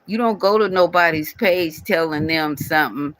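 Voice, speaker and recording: A channel owner rants at a commenter in a casual vlog, scolding repetitively and speaking directly to the viewer. His bright, slightly high voice is a little slow with hardly any pauses. The poor audio is recorded close and dry, with no echo or room sound.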